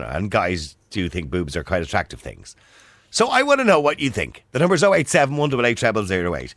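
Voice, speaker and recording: A man's voice: medium pitch, a bit bright, no room sound. A man with an Irish accent hosting a radio phone-in, chatty and candid with callers and listeners. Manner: candid, chatty, rises sharply when embarrassed. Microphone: studio microphone. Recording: dry close studio sound.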